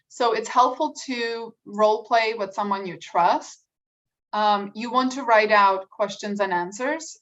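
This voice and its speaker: A woman career coach giving a workshop talk on salary negotiation, conversational, with fillers and drawn-out emphasis. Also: mid-range voice. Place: meeting room. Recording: distant, dull lo-fi room recording.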